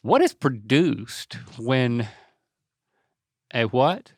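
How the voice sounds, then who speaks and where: A middle-aged man hosts a relaxed chat, reacting with laughter and mock exasperation. His pitch swings widely and his pace is unhurried. The close, dry recording has no room sound. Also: no room sound. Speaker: podcast host. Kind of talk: casual podcast chat.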